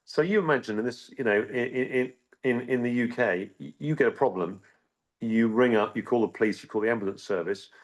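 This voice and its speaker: A middle-aged man telling a personal story in an interview, halting, with frequent restarts and repeated words. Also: medium pitch. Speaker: interview guest.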